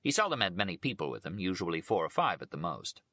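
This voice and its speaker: Male audiobook narrator: low, bright, lively delivery, dry close sound. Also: fast talker, dry recording. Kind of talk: audiobook reading of a biography.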